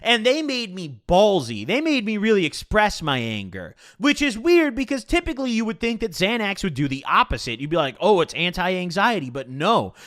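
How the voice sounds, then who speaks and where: Man, casual storytime, swearing a lot, slangy, lively swooping delivery, bright tone. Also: high voice, moderate pace, few pauses. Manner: profane, animated, slangy storytelling. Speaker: streamer telling a personal story.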